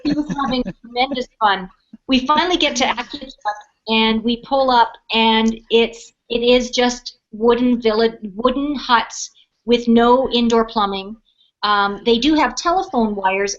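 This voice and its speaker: A middle-aged woman speaking on a webinar, telling a personal story in a casual, animated way and acting out the people in it. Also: a little high. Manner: animated storyteller, acts out quoted voices. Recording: dull lo-fi webinar audio.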